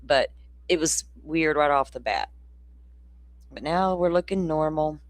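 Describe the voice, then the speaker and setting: A true-crime livestream host with a mid-range, expressive voice talks a little slowly in a dry recording. Hiccuping throughout, they ramble loosely through viewer comments in a casual, informal way, dropping the occasional swear.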